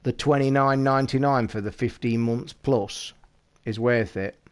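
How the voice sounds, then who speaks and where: A British man in the middle of a live stream, chatting straight to his viewers. His talk is casual and quick to excite, peppered with constant swearing and a rushed edge, sitting at an ordinary middle pitch for a man. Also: clean tone. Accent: British English. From United Kingdom.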